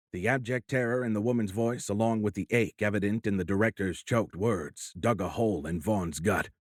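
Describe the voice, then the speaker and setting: A man narrates a thriller audiobook in a low, measured voice. His reading is dramatic but steady. The sound is close and dry, with no room around it. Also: no room sound. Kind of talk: scripted narration.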